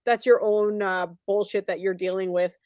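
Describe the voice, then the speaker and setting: A woman's voice: mid-range voice, fairly even intonation, normal speed, darkish tone, no room sound. A woman hosting a talk show who gives her opinions in a loose, conversational way. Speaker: host.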